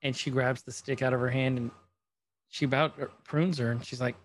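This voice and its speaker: A man chatting casually, recounting scenes and slipping into quick character voices as he tells them. His voice sits in an ordinary middle pitch, relaxed and unforced. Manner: animated storytelling, acting out scenes in quoted voices. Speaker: co-host reacting to a series. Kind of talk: casual chat.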